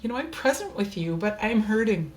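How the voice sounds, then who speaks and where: A woman's voice: mid-range voice, big pitch swings, fairly quick, a little mellow. A woman hosting a candid personal monologue from her desk, speaking in an earnest, open and heartfelt way. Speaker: host.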